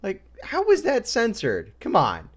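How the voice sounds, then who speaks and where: Cast: male co-host, animated voice, dry interjections. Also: sits high, unhurried. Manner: wry, chiming in with quips. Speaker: stream co-host. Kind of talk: casual chat.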